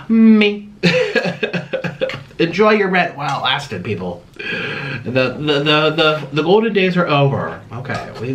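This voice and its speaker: A man chatting casually through a mukbang eating vlog, dramatic and swinging between low mumbles and excited yelps. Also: a little hiss or hum. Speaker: mukbang vlogger.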